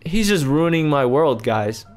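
Young man, high voice, very animated pitch, exasperated gaming commentary, loud outbursts. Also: measured pace, faint music behind. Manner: exasperated, loud outbursts, addresses viewers as guys. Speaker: YouTuber playing a video game. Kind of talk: excited gameplay commentary.

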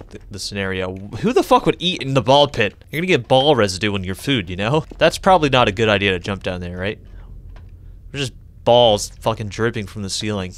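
A young man doing let's-play commentary on a horror game, joking and swearing, with sudden high yelps when startled. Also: a bit bright. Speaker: gaming YouTuber.

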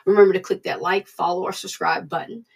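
A woman preaching in a plain, conversational way, speaking straight to her listeners. Her voice is gravelly and husky. She sounds a little distant from the microphone. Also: on the low side, steady tone, fast talker. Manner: plain-spoken, conversational, addresses listeners directly. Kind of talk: informal recorded sermon.

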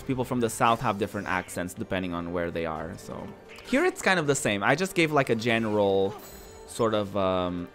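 A man's voice: lowish voice, a bit bright. A man from northern Portugal, chatting casually and rambling while he streams a game, often repeating his words. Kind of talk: casual chat while gaming.

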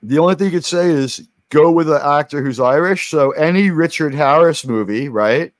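A man's voice: on the high side, normal speed, no echo. A man from New York City hosting a stream, chatting casually about movies, rambling with many restarts and the odd swear word. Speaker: stream host.

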